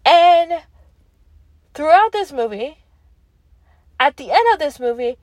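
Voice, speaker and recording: A young Canadian woman, a vlogger, reviews a movie from her parked car in a chatty, emphatic, self-deprecating way. Her voice is high with big pitch swings, she speaks slowly, and there's no room sound.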